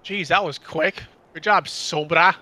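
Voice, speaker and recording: A man's voice: fairly high pitch, steady tone, a little slow, pushed and bright. A man in his twenties chatting casually during a game stream, wry and joking, rambling with fillers. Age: 20s. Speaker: gamer streaming with a friend. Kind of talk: casual gaming chat.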